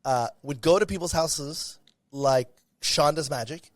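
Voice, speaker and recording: A young man being interviewed, telling a story in a lively, casual way and acting out the voices of the people in it. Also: fairly high pitch, a little slow, no echo, clean studio sound. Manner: animated, acts out quoted dialogue. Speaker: guest, content creator.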